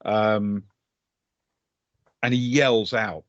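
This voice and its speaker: A man narrating as game master in a tabletop game, measured with frequent hesitations. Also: fairly low pitch, dry recording, highs cut off.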